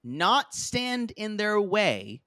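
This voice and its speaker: A man co-hosting a casual reality-TV recap podcast, jokey and animated, often mimicking the cast in high mocking voices. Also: drawn-out words, no echo, studio quality. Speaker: podcast co-host.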